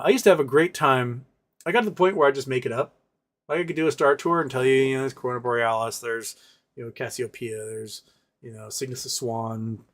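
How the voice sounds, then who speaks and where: A man in his forties from the United States hosting a livestream, casually ranting with sarcasm and reading chat questions aloud. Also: mid-range voice. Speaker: livestream host.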